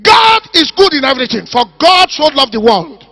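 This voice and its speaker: A man preaching a fiery sermon at a church service, shouting and stretching out his repeated words. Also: very high-pitched, big pitch swings, dry recording. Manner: shouting, emphatic, drawn-out repetitions. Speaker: pastor.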